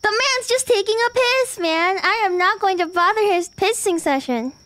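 Young woman, game streamer, very high voice, lively and bouncy pitch, playful, swears freely. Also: moderate pace, dry recording. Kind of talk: casual game streaming chat.

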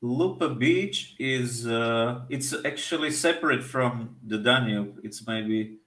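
A man in a casual panel chat explaining a map step by step, halting and searching for words. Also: mid-range voice, fairly bright tone, roomy sound.

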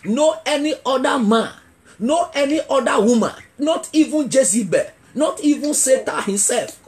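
A man preaching a revival sermon as an evangelist, asking the congregation questions and repeating key phrases for emphasis. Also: very high-pitched. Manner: emphatic, builds to shouting.

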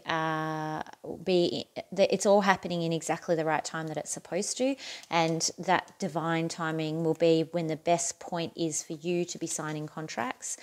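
A woman giving a casual, chatty tarot reading to camera, encouraging and quick to laugh at herself. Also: on the low side, slight background noise. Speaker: tarot reader.

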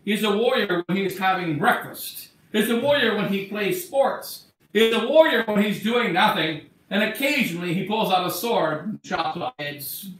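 Man, bishop, emphatic sermon, high voice, distant mic, echoing church. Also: expressive, moderate pace, a bit bright. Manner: emphatic preaching, voices Christ's words in quotes. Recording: echoey church from far off.

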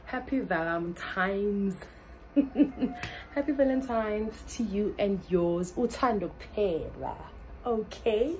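A young South African woman vlogging casually, excitable and laughing often as she mixes English and Zulu. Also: mid-range voice, slow, a little hiss or hum, rough recording. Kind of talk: casual vlog chat.

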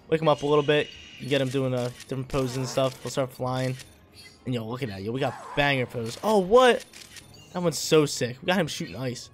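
A man giving casual, hyped gameplay commentary, talking in slang and laughing often. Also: mid-range voice.

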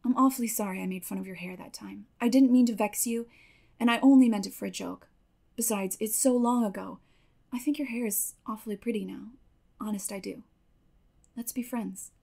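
An eager teenage boy hurries through his words in a lowered, pleading voice, as a woman reads his part. Her gravelly texture stays in the tone. It is a storybook character read aloud. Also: brisk, dark tone. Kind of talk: audiobook character voice.

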